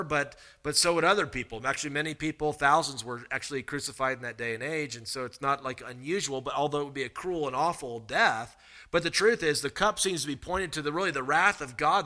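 A man preaching a sermon, animated and expressive, acting out the people he quotes with big swings in pitch and loudness. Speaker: pastor.

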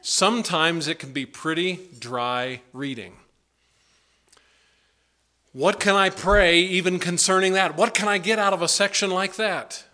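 A man preaching in a church with a bright, forceful voice that sits a little high for a man. He asks earnest, pleading questions and swings between soft, low urging and bursts of emphasis. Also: measured pace. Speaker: pastor. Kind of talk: sermon. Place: church sanctuary.

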